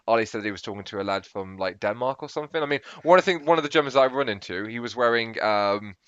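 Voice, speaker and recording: A man's voice: lowish voice, lively intonation, quick pace, clean tone, no room sound, dull audio. A British man co-hosting a podcast, chatting casually, rambling and interrupting himself with apologies. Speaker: podcast co-host. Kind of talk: casual chat.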